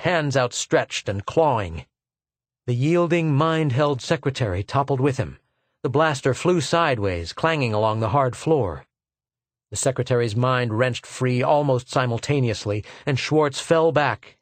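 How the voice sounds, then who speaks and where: A man reading a science fiction story aloud in a measured, dramatic way. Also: mid-range voice, dry recording. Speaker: audiobook narrator. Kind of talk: scripted fiction narration.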